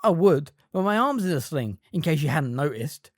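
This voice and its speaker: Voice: mid-range voice, fairly even intonation, fast, a little mellow, no room sound, studio quality, pitched above the performer's own voice, lightly acted. A fan reader voicing a hungry, irritable teenage boy wizard with a whiny, snappish delivery.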